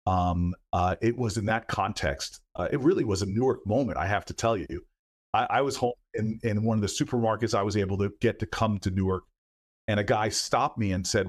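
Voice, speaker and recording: A man's voice: on the low side, brisk. A middle-aged man, a senator, answering interview questions earnestly, often repeating words as he goes. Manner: earnest, stumbles and repeats words, acts out quoted voices. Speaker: senator and book author, guest.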